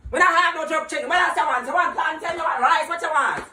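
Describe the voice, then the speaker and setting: A speaker putting on a blunt, impatient restaurant server, firing off rapid, dismissive questions. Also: high-pitched, pushed and bright, voice pushed up. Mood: brusque. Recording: roomy, distant mic, faint ambience.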